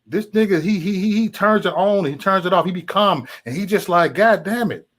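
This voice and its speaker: In a high-pitched, fairly bright voice and at a fairly quick clip, a livestream host rants casually but heatedly at his chat. He's full of profanity and keeps repeating himself.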